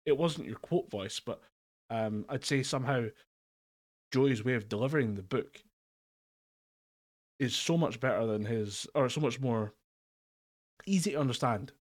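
Pausing often, a podcast co-host speaks at a measured pace in a medium-pitched voice via a remote call mic. He keeps the chat casual and rambling, with plenty of fillers and laughs.

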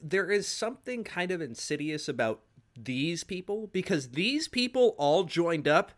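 A man's voice: a little high, very animated, a little slow. A man co-hosting a podcast who chimes in with counterpoints. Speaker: podcast co-host. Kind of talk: casual chat.

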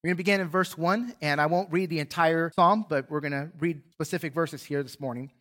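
Male pastor, higher-pitched, earnest preacher who reads scripture with dramatic swells and quiet drops. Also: a little fast. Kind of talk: sermon with scripture reading. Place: church sanctuary.

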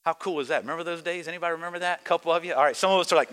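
A young adult man preaching a sermon as pastor, telling a story and acting out quoted lines in a lower, softer voice. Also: racing, clear, resonant tone.

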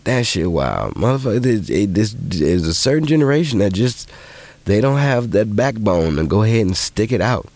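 Deep-voiced profane podcast host. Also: male voice, normal speed, dry recording. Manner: profane, animated storytelling with jumps into high quoting voices. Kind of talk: casual monologue.

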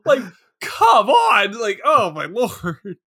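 A woman co-hosting a podcast, chatting excitedly about a film, laughing often and swearing freely. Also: fairly high pitch, slow pace, breathy edge. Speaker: podcast co-host. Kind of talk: casual movie recap chat.

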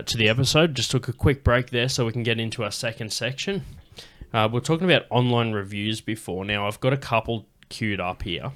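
Laid-back male host, somewhat low voice, chatty and easygoing. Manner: relaxed, laughs easily, explains in plain steps. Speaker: podcast host. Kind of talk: casual podcast chat.

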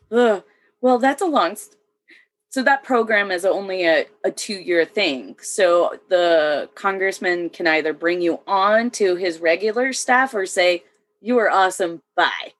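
A woman's voice: medium pitch, unhurried, a bit bright. Chatty woman telling her own story. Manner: chatty, laughs often between sentences. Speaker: podcast guest; military veteran. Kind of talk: casual storytelling chat.

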